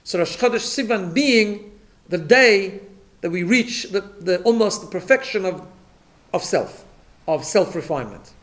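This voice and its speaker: Rabbi teaching a class, voice sits pretty high, keeps asking "right?" as he goes. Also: lively intonation, unhurried, a bit bright. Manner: explanatory, checks in with listeners; repeats words when restarting. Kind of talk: Torah class lecture.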